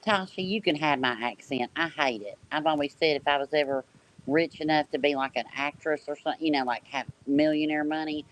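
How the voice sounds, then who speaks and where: A woman's voice: deep voice, brisk, poor audio. A woman in her fifties from Tennessee with a Southern accent, chatting folksily on an online panel and calling everyone girl and honey. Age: 50s. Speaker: panel guest. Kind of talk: casual online panel chat.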